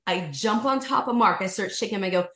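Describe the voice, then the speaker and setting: A woman who teaches yoga, guesting on a podcast and telling a personal story in a lively, casual way, acting out the voices of the people in it and using lots of fillers. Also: medium pitch, fast. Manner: animated, acts out voices, many fillers. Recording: roomy room echo.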